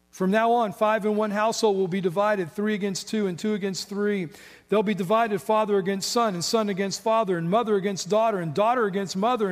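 High-voiced middle-aged preacher in a reverberant hall. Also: male voice. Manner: conversational preaching with rhetorical questions and asides. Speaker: pastor. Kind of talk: sermon. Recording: long reverb of a large hall.

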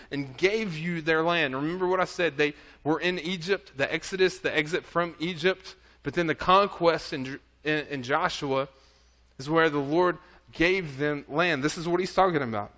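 A man's voice: on the high side, fairly bright tone. A man preaching a sermon, reading scripture aloud and earnestly urging his listeners. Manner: reads scripture then exhorts, pleading and earnest.

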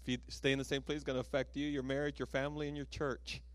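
A man quoting God's words to him in a sermon, speaking low, gentle and earnest. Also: little pitch movement, fast, dry recording, lightly acted. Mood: firm warning. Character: God speaking to a preacher, male, firm and loving.

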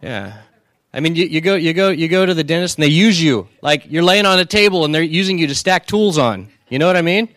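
Preacher guy, fairly high voice, cracking jokes in his sermon, keeps asking "right?", dry close sound. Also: lively intonation, a little fast, fairly bright tone, dry recording. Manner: joking storyteller who keeps asking the crowd "right?". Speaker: pastor. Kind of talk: humorous sermon.

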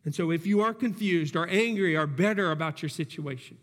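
A man's voice: on the high side, brisk, a bit bright. A man preaching a sermon as pastor, earnest and reasoning aloud with frequent restarts. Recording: long hall reverb.

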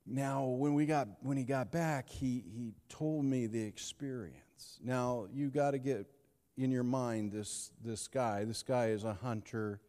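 A man preaching a sermon, telling a story with dramatic pauses and shifts between loud and hushed. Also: medium pitch, fairly even intonation, in a large hall. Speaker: pastor.

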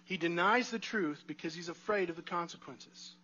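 A man delivers a sermon in a chatty, conversational way, often turning to the congregation with rhetorical questions. His voice sits high and sounds bright and forward. The recording is a little muffled and lo-fi. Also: normal speed. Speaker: pastor.

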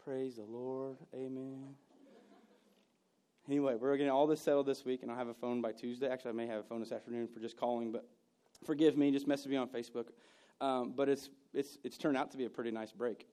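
A man preaching a sermon, telling personal stories and moving between loud bursts and hushed moments. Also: medium pitch, fairly even intonation, fast. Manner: storytelling, swings from loud to hushed. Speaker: pastor.

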